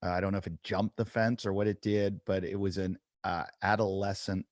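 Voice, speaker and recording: A man co-hosting a podcast, chatting casually and telling animated stories, acting out what people said. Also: low-pitched, a little fast, no room sound, clean studio sound. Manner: animated storyteller, acts out quotes. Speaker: podcast co-host. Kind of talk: casual chat.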